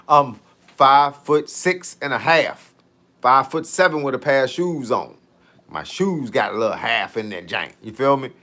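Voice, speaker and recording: A man's voice: medium pitch, pushed and bright. A man, a fitness coach, chatting casually on a live stream, joking in heavy slang and reading out viewer comments.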